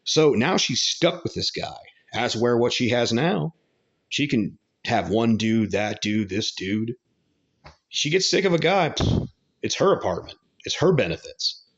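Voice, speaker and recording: A man's voice: medium pitch, big pitch swings, unhurried, dull audio. A man giving a blunt, rambling opinion monologue with coarse language. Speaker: commentary channel host.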